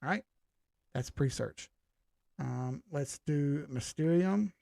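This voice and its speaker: A man with a somewhat high, gravelly voice hosts a live stream and talks through charts in a loose, casual way. He is blunt and combative and speaks straight to his viewers. The sound is close and dry. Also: takes it slowly, dark tone, no room sound. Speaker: crypto live-stream host.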